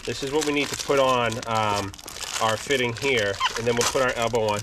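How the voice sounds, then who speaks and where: Outdoors beside a wood boiler after a snowfall, a man hosting a homestead channel walks through a casual DIY how-to vlog, explaining each step with plenty of ums. His voice is medium-pitched and a little fast, and the recording is very noisy.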